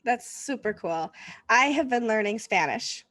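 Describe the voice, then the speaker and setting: A woman's voice: fairly high pitch, expressive, a little slow, a bit bright, no echo. A woman, hosting a casual interview chat and laughing often. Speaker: podcast host.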